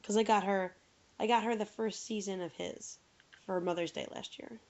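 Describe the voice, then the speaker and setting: A woman's voice: mid-range voice, steady tone, moderate pace, a little mellow. A young woman co-hosting a podcast, chatting and joking with a lot of "like". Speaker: podcast co-host. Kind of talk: casual chat. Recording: dull lo-fi podcast audio.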